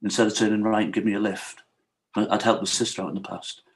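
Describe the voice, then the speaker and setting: A man's voice: on the low side, level tone, quick pace, vocal fry. Frank middle-aged man. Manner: frank and emotional, retells what others said to him; often asks "you know what I mean?". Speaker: podcast guest. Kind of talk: candid personal storytelling in an interview.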